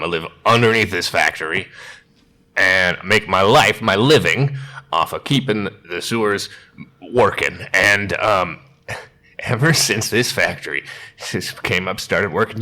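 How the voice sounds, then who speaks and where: Casting: man doing a low, bright-edged goblin sewer dweller, grumbling and indignant. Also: full character voice. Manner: indignant, stammering complaints. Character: grumpy male goblin sewer cleaner.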